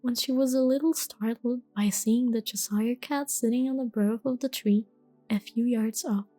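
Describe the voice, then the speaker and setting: A woman reading a storybook aloud in a gentle, soft-spoken ASMR style. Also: fairly high pitch, fairly even intonation, normal speed, dry recording, soft background music. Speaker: storybook reader.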